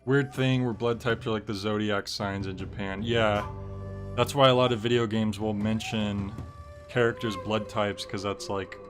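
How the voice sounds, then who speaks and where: A man's voice: on the low side, steady tone, moderate pace. Brief: offhand, joking male streamer, game music under him. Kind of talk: casual gameplay commentary.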